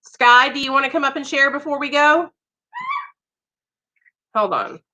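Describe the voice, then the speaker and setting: A young woman chatting warmly with viewers on a livestream, greeting them by name. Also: high-pitched, a little slow, muffled recording. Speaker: livestream host. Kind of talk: casual livestream chat.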